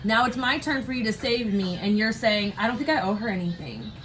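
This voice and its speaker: A woman co-hosting a casual chat, animated and quick to act out what others said. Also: mid-range voice, slight background noise. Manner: animated, quotes people in exaggerated voices, laughs a lot. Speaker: co-host.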